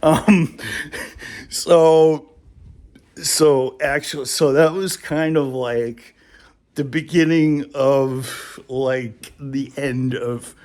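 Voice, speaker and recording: A man's voice: mid-range voice, steady tone, extremely slow, a little mellow. Chatty rambling male vlogger. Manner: chatty, rambling, laughs often. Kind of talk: casual storytelling vlog.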